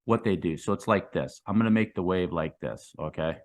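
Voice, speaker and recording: Middle-aged guy walking thru crypto charts, lowish voice, keeps saying okay? right?. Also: fairly quick. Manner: loose and repetitive, tags lines with "okay?" and "right?"; restarts and repeats phrases while sketching on a chart. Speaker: crypto trading channel host. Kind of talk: casual explainer talk to viewers.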